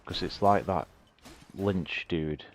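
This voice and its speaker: A man's voice: low voice, takes it slowly, slight background noise. A man chatting casually and laughing often while he plays a game on a livestream. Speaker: streamer playing the game. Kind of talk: casual gaming livestream chat.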